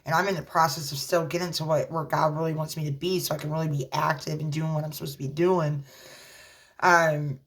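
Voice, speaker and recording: A woman, a mother, talking casually to her viewers in a rambling, halting way with lots of fillers, earnestly offering religious encouragement. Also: sits low, level tone. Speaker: vlogger. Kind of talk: casual talk to camera.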